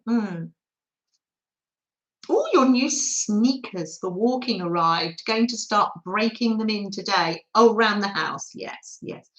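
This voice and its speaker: Chatty woman with a lively voice. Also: fairly high pitch, roomy sound, highs cut off. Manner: chatty, affectionate, reads chat names aloud. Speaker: craft livestream host. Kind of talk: casual livestream chat. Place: home dining room table.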